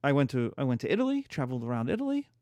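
A man giving a casual history lecture, animated and jokey, acting out quotes as he goes. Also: mid-range voice, rapid-fire, no room sound. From United States.

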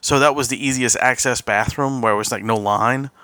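A man's voice: mid-range voice, steady tone, fairly quick, sharp tone, no room sound. A man hosting a podcast, telling a long casual story with frequent restarts and quoted asides. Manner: rambling anecdote with laughs and quoted asides. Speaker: podcast host.

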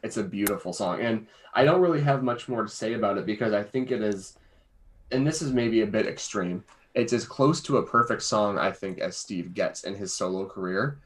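A man's voice: on the low side, normal speed. A man co-hosting a casual chat about songs, rambling and jokey, often restarting his sentences. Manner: rambling, self-interrupting, jokey. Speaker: podcast co-host. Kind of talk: casual music review chat.

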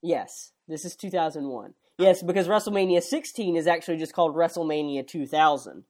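A man's voice: on the high side, brisk, a little mellow. A man hosting a casual podcast chat, joking and swearing now and then. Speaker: podcast host.

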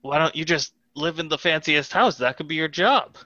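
Man, tabletop player, laid-back, bright tone, dull lo-fi recording. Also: on the high side, moderate pace. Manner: laid-back, often laughing. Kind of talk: in-character tabletop play. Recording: dull lo-fi mic.

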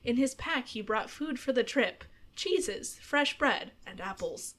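A woman's voice: fairly high pitch, expressive, measured pace, a bit bright. A woman voicing a storyteller who reads an old folk tale aloud in a theatrical story voice with a slipping accent. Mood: storytelling.

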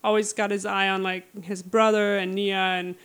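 A woman co-hosting a casual book chat, telling the plot with lively acted-out quotes. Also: mid-range voice, moderate pace, clean tone. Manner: animated storytelling, acts out lines in quotes. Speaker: podcast co-host recapping a book.

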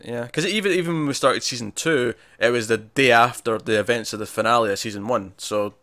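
A man's voice: mid-range voice, brisk, bright, forceful tone, no echo. A man co-hosting a casual review chat, talking in an analytical way with lots of restarts. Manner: chatty, analytical, frequent restarts. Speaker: podcast co-host.

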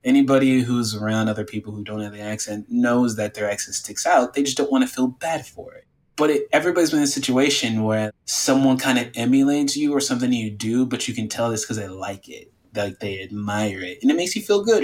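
A man talking casually as a guest about game design, animated and rambling with lots of "like" fillers. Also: mid-range voice, brisk. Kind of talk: casual conversation.

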